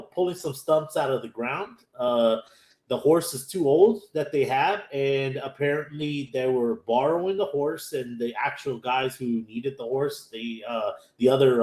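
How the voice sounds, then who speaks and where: A man's voice: mid-range voice, a little mellow. A man, casually recapping an anime episode in a rambling way and acting out the characters' lines. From Texas, USA. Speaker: anime podcast host. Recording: echoey room.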